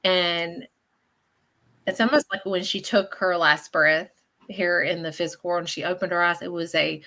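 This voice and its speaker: A woman giving psychic readings on a live radio show, chatty and animated, often checking in with the listener. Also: fairly low pitch, normal speed.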